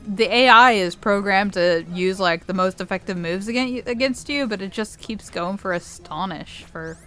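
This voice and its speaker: A young female gaming YouTuber gives casual, rambling video game commentary, giggling often and swearing freely. Her mid-range voice moves at a normal speed, sounding pushed and bright, with faint music behind.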